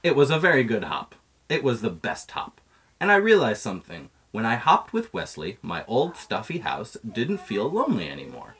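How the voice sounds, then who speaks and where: A man's voice: medium pitch, wildly swooping pitch, moderate pace, creaky, fairly bright tone, breathy edge. A man reading a children's picture book aloud in a playful storytelling manner. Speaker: reader.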